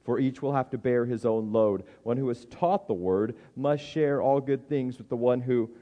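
A middle-aged man preaching a sermon, conversational and often restarting his words, acting out inner voices in a raised pitch. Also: moderate pace, dull audio. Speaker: pastor.

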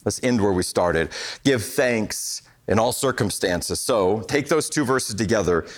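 A middle-aged man preaching a sermon in a conversational, animated way, acting out little quotes. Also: on the low side, unhurried.

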